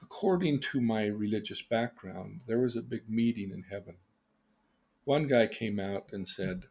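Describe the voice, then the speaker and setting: His voice sits lowish, a little mellow, with vocal fry and a breathy edge, and he keeps a normal speed. As a therapist and teacher, he delivers an animated storytelling lesson on emotional independence, exclaiming through theatrical stories and then questioning his listener.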